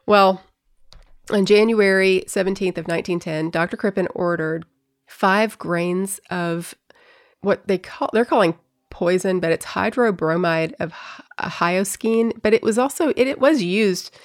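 A woman's voice: medium pitch, unhurried. A woman hosting a true-crime podcast in a casual, chatty way, laughing often and acting out quotes. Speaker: podcast host.

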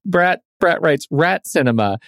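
A man's voice: a little high, unhurried, no room sound. A man co-hosting a film podcast, chatting casually in a playful, joking way. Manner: playful, jokey, animated. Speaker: podcast co-host. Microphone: studio microphone.

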